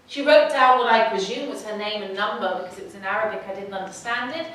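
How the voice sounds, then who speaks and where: A middle-aged woman telling a personal story to an audience in a lively, humorous way. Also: medium pitch, fast talker, slight background noise. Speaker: speaker. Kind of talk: storytelling talk. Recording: echoey hall, mic from far off.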